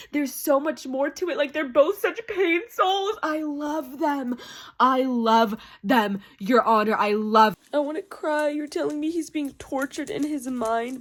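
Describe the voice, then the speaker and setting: A woman book vlogger gushing over a novel in an effusive, excitable way. She squeals and shrieks between rapid, breathless chatter. Her voice sits a little high for a woman. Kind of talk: gushing book review vlog.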